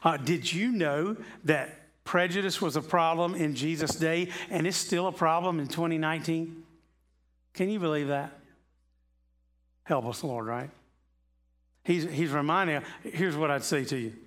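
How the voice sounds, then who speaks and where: A man's voice: fairly high pitch, measured pace, a bit bright. A man preaching a conversational sermon, talking casually, repeating himself and asking the congregation rhetorical questions. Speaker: pastor. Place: church sanctuary.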